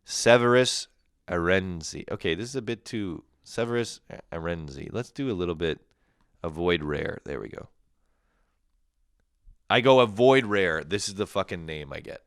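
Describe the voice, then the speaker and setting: A young man hosting a crude solo comedy podcast, swearing freely, laughing at his own jokes and jumping into loud mock quotes. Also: sits low, expressive, moderate pace, dry recording, clean studio sound. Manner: profane, laughing, shifts into shouted mock quotes.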